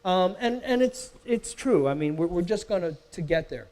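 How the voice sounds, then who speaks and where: High-voiced man teaching a marketing workshop. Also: animated, moderate pace, a little mellow. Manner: emphatic, quizzes the audience with questions; repeats words and restarts while talking. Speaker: workshop presenter. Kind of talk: live marketing workshop lecture. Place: live event in a company facility.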